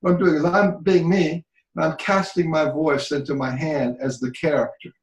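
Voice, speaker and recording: A man's voice: fairly high pitch, fairly even intonation, moderate pace, roomy sound, poor audio. A man teaching a healing practice in conversation, earnest and repetitive, often checking that he is understood.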